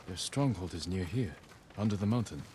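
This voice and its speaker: A man voicing a calm, reserved young samurai warrior in a video game. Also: low-pitched, normal speed, a crowd in the background. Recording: game audio under a live stream, noisy.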